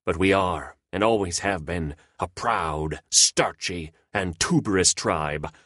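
A man's voice: low voice, slow pace, fairly bright tone, dry recording, studio quality, full character voice. A man voicing a pompous male elder statesman potato who talks in an oratorical way. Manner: oratorical, speech-making.

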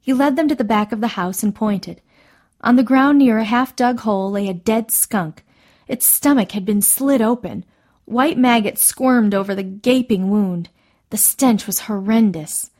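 A woman narrating a novel in a steady, even voice, pitched at an ordinary middle height for a woman. She keeps the storytelling measured and clear between the characters' lines. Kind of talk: scripted narration.

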